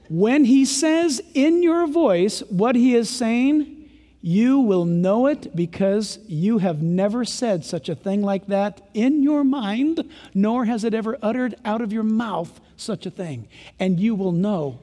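Male preacher, high voice, emphatic sermon, long hall reverb. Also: animated, slow pace. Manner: emphatic, exclamatory, swings from loud to hushed.

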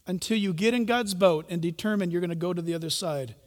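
A man with a high-pitched voice delivers a sermon in a large church hall. He moves between hushed storytelling and sudden loud calls to the congregation. Long reverb hangs on every phrase. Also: normal speed, pauses often. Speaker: pastor.

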